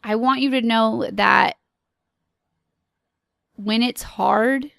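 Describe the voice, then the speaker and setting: A woman speaking on a motivational podcast, unhurried and measured, with a gravelly fry in her voice. She talks to the listener earnestly and encouragingly, recorded close on a dry mic. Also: on the high side, steady tone, a bit bright, dry recording. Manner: earnest, encouraging, speaks in slow deliberate phrases. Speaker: podcast host.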